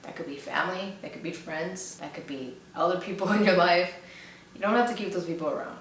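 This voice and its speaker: A woman's voice: lowish voice, fairly quick, far from the mic, a little hiss or hum. Earnest woman giving advice in an echoey room. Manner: earnest, encouraging, repeats phrases for emphasis. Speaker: advice vlogger. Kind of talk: heartfelt advice monologue to camera.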